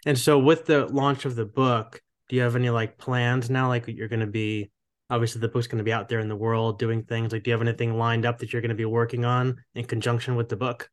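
A man's voice: medium pitch, little pitch movement, a little fast. Guy hosting a podcast, friendly and earnest, medium voice, lots of uhs. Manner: friendly, earnest, with frequent uh fillers. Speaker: podcast host. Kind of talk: casual podcast interview.

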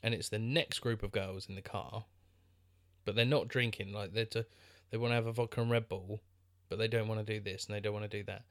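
Low-voiced man rambling about films. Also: steady tone, brisk, dry recording, studio quality. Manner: rambling, lots of restarts and fillers. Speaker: podcast co-host. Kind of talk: casual film discussion.

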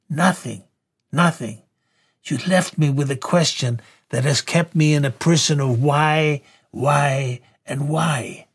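A man voicing Simon, a man speaking through a woman's body, slow, pleading and reproachful, with a husky voice. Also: medium pitch.

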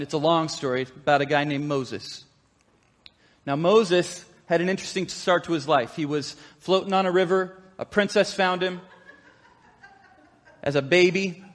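A man preaching a sermon to his congregation, telling a story in a lively, conversational way. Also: fairly high pitch. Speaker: pastor. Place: church sanctuary. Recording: long hall reverb.

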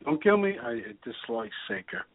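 A man's voice: on the high side, big pitch swings, normal speed, no echo, phone-quality sound. A man chatting offhandedly as a podcast co-host, swearing casually. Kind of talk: casual chat.

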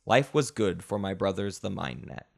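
Gravelly podcast host telling a game story. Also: male voice, low-pitched, very animated, moderate pace. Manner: dramatic storytelling narration. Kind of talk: recapping a board game session, then casual chat.

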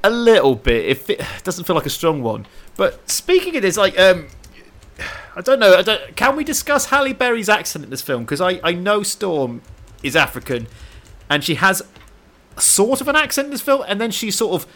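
A man co-hosting a casual film podcast, halting and restarting his sentences, often laughing. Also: sits high, sing-song, a bit bright. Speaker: podcast co-host.

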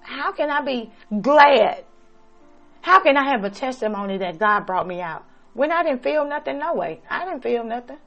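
A woman preaching a sermon, slow and dramatic, swinging between loud emphatic lines and soft, hushed ones. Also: high-pitched, big pitch swings, muffled recording, faint music behind.

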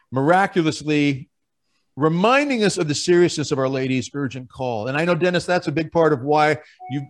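A man hosting a podcast, talking with enthusiasm and rattling off long promotional lists. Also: medium pitch. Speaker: podcast host.

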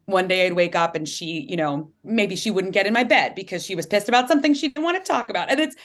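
A woman author being interviewed, talking earnestly and animatedly and acting out quotes in lively voices. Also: mid-range voice, quick pace. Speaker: author and guest. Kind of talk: candid interview conversation.

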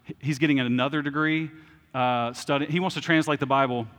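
A man's voice: mid-range voice, fairly even intonation, fairly quick, fairly bright tone. A male pastor preaching a conversational sermon in a church, informal and plain-spoken, checking in with "okay?" and joking at his own expense. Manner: informal and plain-spoken, with frequent "okay?" check-ins and self-deprecating humor. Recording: long reverb of a large hall.

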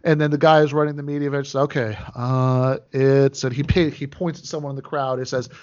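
A man chats as a podcast guest, his voice sitting a bit high. He hesitates and restarts his sentences often. The sound is dull and lo-fi, like a remote call. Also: flat delivery, rapid-fire, darkish tone. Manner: hesitant, many fillers and restarts. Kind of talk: casual chat over a call.

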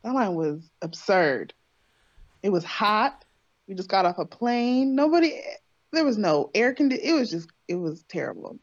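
A woman's voice: medium pitch, very animated, moderate pace, no echo, highs cut off. A woman talking casually and earnestly, giving emphatic advice about listening to others. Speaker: co-host. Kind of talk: casual reflective chat.

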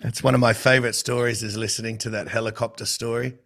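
Australian man, podcast host, bright tone, relaxed, friendly, trails off softly. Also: medium pitch, quick pace, vocal fry. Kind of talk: casual podcast interview.

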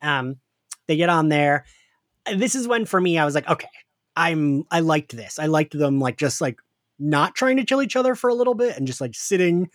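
Animated, laughing man with a Philly accent. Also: on the high side, moderate pace, no echo, studio quality. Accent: Philadelphia. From Philadelphia area, US. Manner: animated, laughs often, casual swearing. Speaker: podcast co-host. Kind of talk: casual chat, recapping a show.

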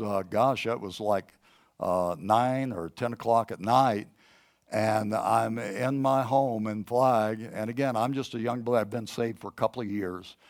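A middle-aged man preaching a sermon, teaching and then telling a personal story in a conversational way, with many fillers and restarts. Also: on the low side.

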